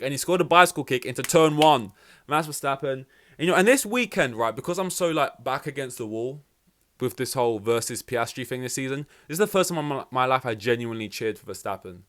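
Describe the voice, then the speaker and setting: A man's voice: medium pitch, a bit bright. A young man hosting a podcast, giving a casual, rambling race reaction and swearing freely. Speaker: podcast host.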